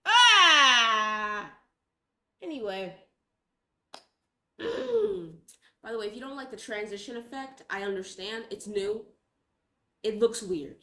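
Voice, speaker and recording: A woman's voice: on the high side, expressive, measured pace, pauses often, darkish tone. A young woman talking casually in a rambling, dramatic, self-mocking vlog. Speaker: vlogger.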